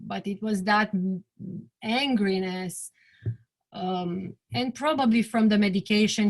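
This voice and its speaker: A woman in her forties, a bereaved mother giving an earnest personal testimony. She often pauses, restarts, and lets her sentences trail off quietly. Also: mid-range voice.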